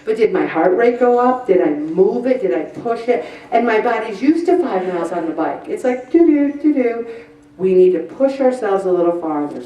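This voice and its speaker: A woman leading a weight-loss group presentation, chatty and animated, acting out little voices. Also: mid-range voice, moderate pace. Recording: roomy echo from far off the mic.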